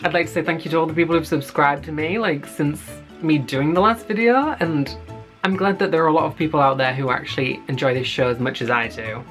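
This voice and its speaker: A man's voice: fairly high pitch, fairly quick, a bit bright, faint music behind. A man giving a casual, profane recap of a web series and acting out the characters' lines.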